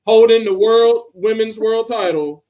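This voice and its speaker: A man co-hosting a casual wrestling podcast, joking in animated slang. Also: high-pitched, unhurried. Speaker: podcast co-host.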